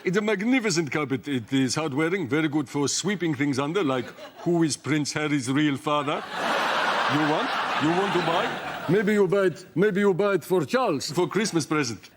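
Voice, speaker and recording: A man putting on an eager foreign carpet salesman whose patter is pushy and broken. The voice is a bit high, and the recording is noisy. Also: animated, moderate pace, close to an everyday voice.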